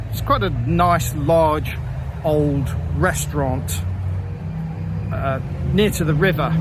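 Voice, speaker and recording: A man casually telling a story about his own life, with wry, self-deprecating asides and frequent pauses and fillers. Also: on the high side, noisy background. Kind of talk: casual first-person storytelling.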